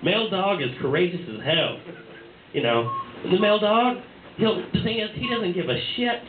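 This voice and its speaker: A man's voice: high voice, normal speed, noisy background. A young man doing a stand-up set in a small bar, rambling with fillers and restarts. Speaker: stand-up comedian. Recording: tinny, echoey amateur bar recording.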